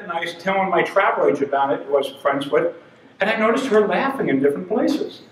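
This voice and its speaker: In a noisy, echoey room, a man in his sixties tells funny stories from a distance, his voice sitting high and a little slow with long pauses. He's animated, acting out the voices he quotes and laughing through his punchlines.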